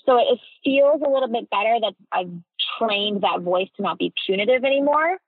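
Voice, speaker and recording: A woman guest talking reflectively about her own behavior, often pausing to search for words, heard over a remote line. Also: on the high side, animated, slightly rough, no room sound. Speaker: podcast guest. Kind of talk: personal conversation. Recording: tinny phone-like remote line.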